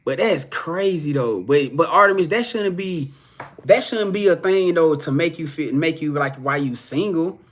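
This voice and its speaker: A young man with a slightly raised pitch chats loosely on a live stream. He rambles and swears, restarts his sentences often, and reads viewers' comments aloud as he answers them. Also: animated, moderate pace. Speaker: live stream psychic reader.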